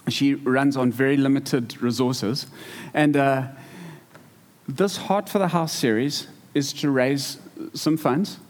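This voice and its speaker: A man's voice: medium pitch, takes it slowly. Guy preaching in church, tells stories, lots of restarts, medium voice. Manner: storytelling, animated, repeats words. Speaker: pastor. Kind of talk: sermon. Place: church hall.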